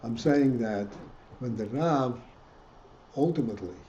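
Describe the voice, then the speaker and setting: In an unhurried, dark-toned voice of medium pitch, a man leads a Hasidic text class as rabbi, frequently breaking off and starting again. He puts rhetorical questions to his students; the recording sounds dull and echoey, with faint background noise.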